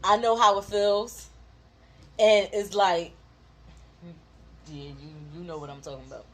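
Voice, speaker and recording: A woman, telling a childhood story in casual chat with her husband, animated and laughing often. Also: medium pitch, measured pace. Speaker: co-host of a couples channel.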